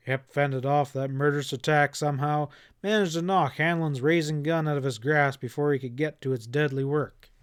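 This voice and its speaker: A man narrating a western novel audiobook in a steady storytelling delivery. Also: medium pitch, dry recording, clean studio sound. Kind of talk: reading a western novel aloud.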